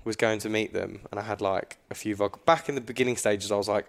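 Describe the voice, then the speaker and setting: A man's voice: on the low side, fairly even intonation, fast, vocal fry. A man casually telling a rowdy anecdote on a podcast, swearing freely. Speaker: podcast host. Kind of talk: casual chat, storytelling.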